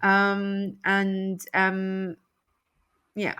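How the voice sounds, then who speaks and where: A woman's voice: mid-range voice, monotone, drawn-out words, sharp tone, clear, resonant tone. A woman hosting a casual discussion, playful and jokey with many fillers, speaking English as a second language. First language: not English. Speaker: channel host. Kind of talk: casual video-call discussion.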